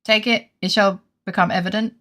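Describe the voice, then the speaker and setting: A woman's voice: medium pitch, steady tone, a little fast, pushed and bright. A woman streamer in casual live-stream chat, giggly and chatty and swearing freely.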